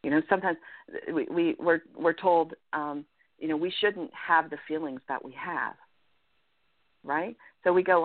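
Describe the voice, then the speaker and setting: A woman's voice: deep voice, unhurried, no echo. Woman coach on a tinny phone line. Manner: earnest, animated, frequent "right?" check-ins. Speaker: life coach guest. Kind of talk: coaching advice in a podcast interview.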